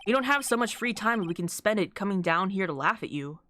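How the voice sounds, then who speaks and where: A woman's voice: medium pitch, animated, fairly quick, a bit bright, slight background noise, lightly acted. A woman voicing a wry young male defense lawyer from a game in a dry, matter-of-fact way.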